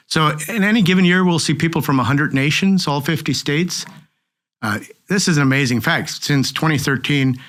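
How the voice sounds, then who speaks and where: A man's voice: medium pitch, a bit bright. A man, a museum director, speaking articulately with a dry sense of humor. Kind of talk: casual chat.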